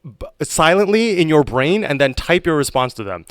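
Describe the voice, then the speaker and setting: A man streaming and chatting on a call, teasing and exasperated in a deadpan way. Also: on the high side, normal speed, smooth, no echo. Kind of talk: casual chat on a call while streaming.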